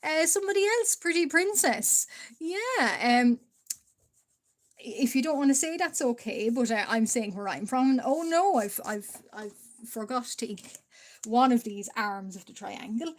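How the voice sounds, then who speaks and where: A woman's voice: a little high, lively intonation, unhurried. An Irish woman from Ireland chatting casually with viewers on a live stream while she draws. She is stuffy from allergies, coughs now and then, and fills her talk with "uh", small laughs and greetings.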